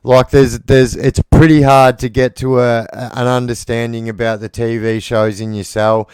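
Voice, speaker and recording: An Australian man talks in a loose, rambling monologue, blunt and casually profane. His voice is very smooth and resonant, at an ordinary pitch for a man. The recording is dry and close. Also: little pitch movement, normal speed, a little mellow, no echo. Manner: blunt, rambling, swears freely. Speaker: former prisoner telling stories.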